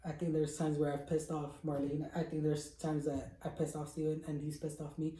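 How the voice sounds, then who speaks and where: A man's voice: fairly high pitch, flat delivery, moderate pace, very noisy. A young man chatting casually with friends, rambling with lots of fillers and frequent laughter. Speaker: friend in group chat. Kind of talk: casual chat among friends. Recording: roomy, distant from mic.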